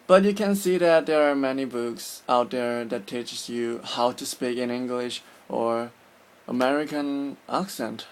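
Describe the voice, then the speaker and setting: A Korean man with a Korean accent talks through his opinions in an unhurried, deliberate way. He sounds earnest and sure of his views, pausing and restarting as he hunts for the right words. His voice sits at an ordinary middle pitch for a man. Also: clear, resonant tone. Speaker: vlogger. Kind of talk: casual opinion monologue.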